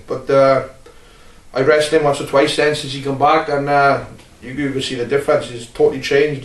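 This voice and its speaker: A Welsh man, a wrestler, talking bluntly and rambling with many filler pauses in a casual interview. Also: medium pitch. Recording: roomy, distant mic.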